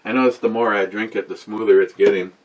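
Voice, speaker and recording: A wisecracking man in his sixties with a fairly low voice hosts a beer review in loose, rambling chat to camera. He swears freely, wanders off topic and trades jabs with his voice assistant. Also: fairly even intonation, quick pace, dull audio, slight background noise. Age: 60s. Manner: talks back to a voice assistant.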